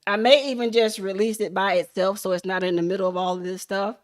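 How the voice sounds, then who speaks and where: A woman hosting a casual livestream, chatting and laughing with viewers in an animated, hyped-up way. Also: medium pitch, quick pace. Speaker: livestream host.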